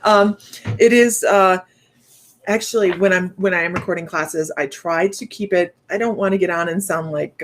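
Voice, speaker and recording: A woman's voice: on the low side, normal speed. A chatty middle-aged woman hosts a casual livestream and answers viewers as she goes. She sounds upbeat and laughs easily between remarks. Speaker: psychic medium livestream host. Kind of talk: casual livestream chat reading viewer comments.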